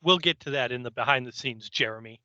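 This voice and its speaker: A man's voice: medium pitch, fast talker, pushed and bright, dry recording, lo-fi sound. A man co-hosting a podcast, joking and wisecracking in casual chat. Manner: joking, wisecracking, laughs a lot. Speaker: podcast co-host.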